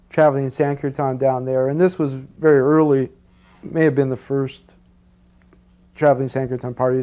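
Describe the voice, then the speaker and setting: A man reminiscing casually, relaxed, with lots of "you know" fillers. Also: mid-range voice. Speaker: devotee recalling memories.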